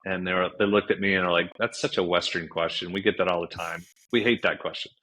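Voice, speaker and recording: A man, guest on a podcast, tells stories with vivid energy, acting out what people said with big leaps in his voice. His voice sits fairly low and sounds forceful and bright. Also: fast. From United States. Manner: animated storyteller, acts out quoted dialogue with big pitch jumps. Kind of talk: casual storytelling interview.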